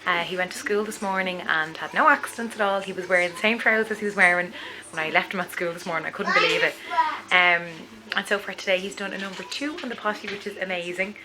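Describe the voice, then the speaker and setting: A woman's voice: mid-range voice, lively intonation, fast, noisy background. A woman, a mother, chatting in a rambling video diary with lots of fillers. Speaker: mother vlogger.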